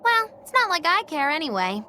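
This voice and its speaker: A teasing, mischievous young mage. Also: female voice, very high voice, very animated, fairly quick, sharp tone, a little hiss or hum, exaggerated voice. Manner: playful, teasing, theatrical. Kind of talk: game voice acting.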